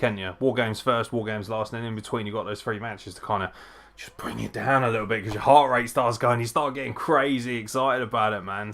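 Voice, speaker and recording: A young man hosting a live wrestling watchalong, reacting excitedly, swearing often and breaking into laughs and shouts. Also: on the low side.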